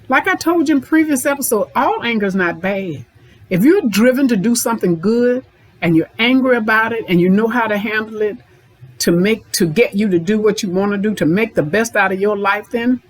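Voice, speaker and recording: A woman's voice: medium pitch, expressive, moderate pace, rough recording. Middle-aged woman therapist, folksy podcast monologue that drives points home by repeating them. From Memphis, Tennessee. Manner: folksy, repeats lines for emphasis.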